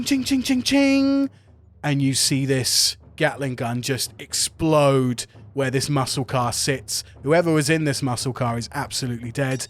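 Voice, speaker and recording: A man running a tabletop game as game master, narrating the action in a lively, playful way. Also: medium pitch. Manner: lively storytelling with playful asides.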